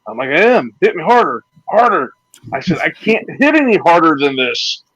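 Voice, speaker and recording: A man's voice: a little high, sing-song, moderate pace, fairly bright tone, breathy edge, no echo, highs cut off. A man, a former pro wrestler, telling rambling anecdotes and acting out what others said. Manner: rambling anecdotes with acted-out quotes and laughs. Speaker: retired pro wrestler, guest. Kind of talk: casual storytelling interview.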